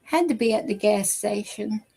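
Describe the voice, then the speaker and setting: A woman's voice: mid-range voice, animated, normal speed, creaky, dark tone, husky, low-quality recording. A woman hosting a casual reaction vlog, telling family stories in a chatty way and laughing often. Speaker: video host.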